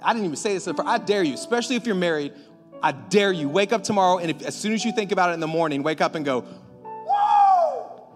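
A man preaching a sermon as pastor, energetic, climbing at times to near shouts. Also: sits high, very fast. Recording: echoey hall with faint music.

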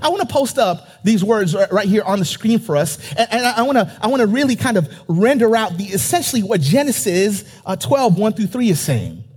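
Husky high-voiced male preacher. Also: sing-song, fairly quick, few pauses, darkish tone. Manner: emphatic, calls out to the congregation. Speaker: pastor. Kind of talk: sermon. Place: church.

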